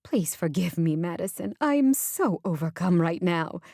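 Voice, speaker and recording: An excitable older mother and boss in a romance audiobook, as a woman narrator puts her on. She talks in a brisk, formal, commanding way and gushes when excited. Her voice is pitched above the narrator's low speaking voice, and the recording is dry and close. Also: creaky, dry recording, full character voice. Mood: stunned.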